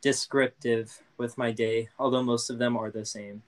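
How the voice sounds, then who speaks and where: A man chatting casually on a podcast, rambling a little and poking fun at himself. His voice is of ordinary middle pitch. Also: flat delivery, normal speed, rough recording. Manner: self-deprecating, rambling. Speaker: podcast co-guest. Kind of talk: casual chat.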